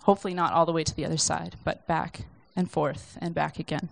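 A woman's voice: low voice, level tone, fairly quick, vocal fry. A young woman giving an informal sermon from notes in a conversational, reflective, self-deprecating way. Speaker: speaker sharing a church message.

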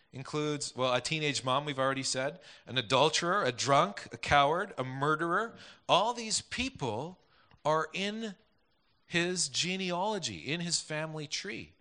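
A man's voice: on the high side, pushed and bright. A man preaching a conversational sermon, rambling with many restarts and asides. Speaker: pastor.

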